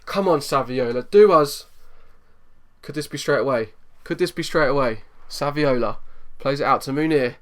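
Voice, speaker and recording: A man giving excitable live commentary over a football management game, swinging from low muttering to loud outbursts. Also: normal speed. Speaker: gaming YouTuber.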